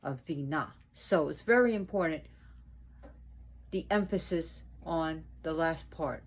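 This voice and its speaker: A woman presenting a casual educational video at home, talking slowly and deliberately and repeating words for emphasis. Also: low voice. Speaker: video presenter on mythology and witchcraft. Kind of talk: casual educational talk to viewers.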